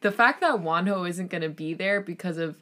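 A woman's voice: on the low side, fairly quick, sharp tone. A young woman co-hosting a podcast in casual chat, playful and emphatic with dramatic flourishes. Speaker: podcast co-host.

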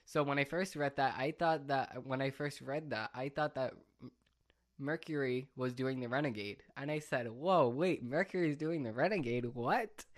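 A man's voice: medium pitch, moderate pace. A young man talking on his own in a rambling, self-mocking way, often laughing at himself. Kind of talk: casual solo chat.

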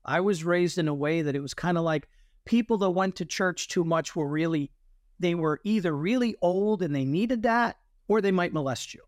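Animated man telling his story. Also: high-pitched, normal speed, dry recording, clean studio sound. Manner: animated storyteller, acts out quoted voices. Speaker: guest, military veteran and artist. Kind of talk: testimony in an interview.

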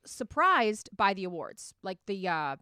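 A woman co-hosting a podcast in casual chat, chatty and quick, laughing easily. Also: medium pitch, big pitch swings, pushed and bright, clear, resonant tone, dry recording, clean studio sound. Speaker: podcast co-host. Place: from the DC area.

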